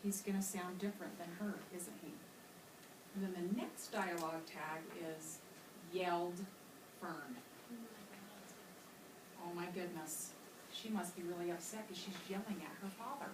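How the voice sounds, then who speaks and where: A woman's voice: fairly low pitch, steady tone, a little slow, pauses often. Woman teacher, patient classroom explainer, picked up from afar in an echoey room. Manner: patient, explanatory, models voices for children. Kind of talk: classroom reading lesson. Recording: echoey classroom from far off with loud noise.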